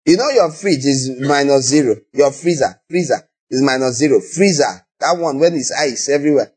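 Husky Nigerian preacher. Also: male voice, medium pitch, moderate pace. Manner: animated, acts out little scenes in other voices. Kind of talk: sermon.

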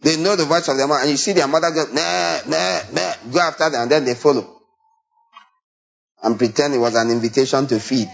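A man preaching a sermon, animated and full of rhetorical questions, now and then imitating sheep and shepherd calls. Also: medium pitch, quick pace, pauses often, soft background music. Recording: dull lo-fi recording.

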